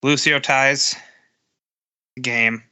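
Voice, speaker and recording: A man with a medium-pitched voice and a sharp, bright edge co-hosts a sports podcast. He talks casually, retelling game moments with animated energy. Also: drawn-out words, clean tone. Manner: storytelling, animated recounting. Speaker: podcast co-host.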